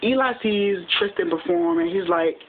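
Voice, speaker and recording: Speaking in a mid-range voice, this fan rattles through a casual recap of a TV episode, rambling and restarting often. A faint hiss sits under the thin, phone-like audio.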